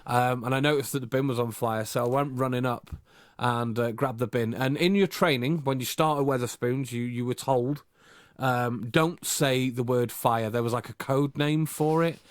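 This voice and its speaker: A man spins a rambling, filler-heavy anecdote on a casual podcast. His voice sits at an ordinary pitch and is recorded dry and close. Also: normal speed, no room sound. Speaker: podcast co-host.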